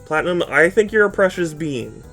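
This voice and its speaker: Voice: medium pitch, big pitch swings, fairly quick, fairly bright tone, faint music behind. A streamer who just woke up, reading a detective game's lines aloud in put-on voices and breaking off to bicker with chat. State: just woken up. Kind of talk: live game stream, reading dialogue aloud.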